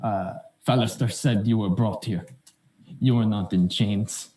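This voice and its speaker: A man's voice: fairly low pitch, fairly even intonation, measured pace, mellow. A man playing a tabletop game, blunt and confrontational in character. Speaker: player. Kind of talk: tabletop role-play. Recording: echoey room with faint noise.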